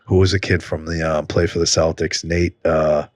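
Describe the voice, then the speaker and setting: A man with a very low voice and a Boston accent, hosting a podcast in an easygoing, rambling way. He swears freely as he tells his stories. The sound is close and dry, with no room echo. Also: little pitch movement, normal speed. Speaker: podcast host. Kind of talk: casual interview chat.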